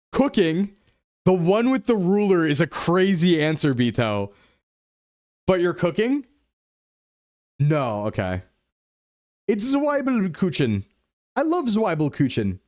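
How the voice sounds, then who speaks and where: A young man streams a game live, his fairly high voice bouncing all over the place. He chats playfully and thinks his guesses out loud. The sound is dry and close. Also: no echo. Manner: chatty, playful, reacts to chat while guessing aloud. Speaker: VTuber streamer. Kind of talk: live-stream gameplay commentary.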